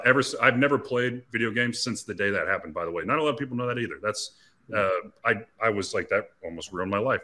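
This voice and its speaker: A man's voice: on the low side, pushed and bright. A man in his thirties, an athlete and interview guest, telling a personal story in an earnest, confessional way with frequent restarts.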